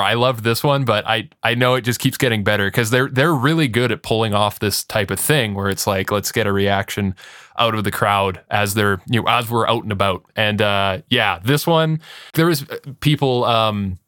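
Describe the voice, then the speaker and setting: A man co-hosting a podcast, chatting in a relaxed way and laughing often. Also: on the low side, moderate pace, dry recording, clean studio sound. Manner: laid-back, laughs often. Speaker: podcast co-host. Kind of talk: casual podcast chat.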